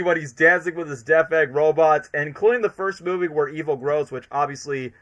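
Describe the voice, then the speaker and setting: Male streamer host with a bright, forceful voice, excitable and rambling in casual commentary. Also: fairly high pitch, brisk, few pauses. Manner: excitable, rambling fan talk.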